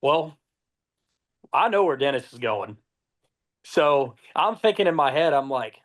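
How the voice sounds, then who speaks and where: A young man from Georgia, telling profane, lively race stories as a podcast guest. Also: on the high side, a little slow, pauses often. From Georgia, USA. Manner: profane, lively anecdotes with acted-out dialogue. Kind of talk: casual storytelling.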